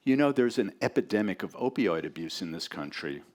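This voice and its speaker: A man's voice: fairly low pitch, big pitch swings, brisk. A man reading the lines of a suspicious woman pharmacy clerk in a story, with terse, clipped questions. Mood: curt.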